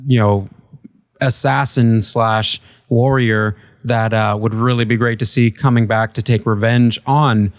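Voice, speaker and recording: A man in a casual panel chat, thoughtful and halting, with many fillers. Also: medium pitch, steady tone, no room sound, studio quality. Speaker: co-host.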